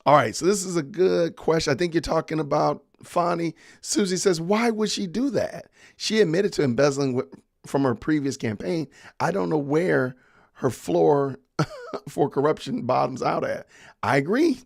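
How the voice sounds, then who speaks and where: A man's voice: a little high, lively intonation, normal speed, gravelly, dry recording, studio quality. A man hosting a podcast livestream, chatting casually and reading viewer comments aloud with frequent laughs. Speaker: podcast host.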